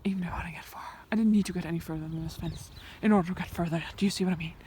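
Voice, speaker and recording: A woman's voice: on the low side, fairly even intonation, very fast, warm tone, slight background noise. A woman talking to her camera on a countryside hike, thinking aloud in a rambling way and often dropping to a whisper. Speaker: vlogger. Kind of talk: reflective walking vlog. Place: outdoors in the countryside by a fence. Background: birds and sheep in the open air.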